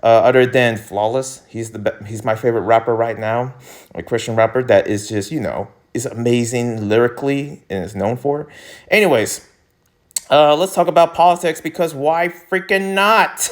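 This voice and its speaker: A young male vlogger talks in a loose, rambling way, laughing often and suddenly jumping in pitch when he gets worked up. His voice sits at an ordinary middle pitch. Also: normal speed. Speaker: YouTuber host. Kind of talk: casual commentary vlog.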